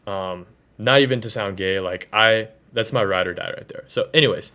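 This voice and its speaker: A man's voice: on the low side, moderate pace, sharp tone. A man in his twenties ranting casually to the camera about college, slangy and full of fillers. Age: 20s. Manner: loose, slangy, lots of fillers. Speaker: vlogger. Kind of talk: casual rant.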